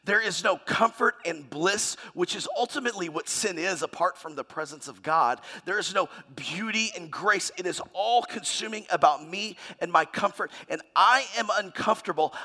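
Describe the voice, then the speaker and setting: Animated preacher with a bright voice. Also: male voice, moderate pace, few pauses. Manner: expressive, acts out quoted voices with sudden swings in pitch and loudness. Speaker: pastor. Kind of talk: sermon.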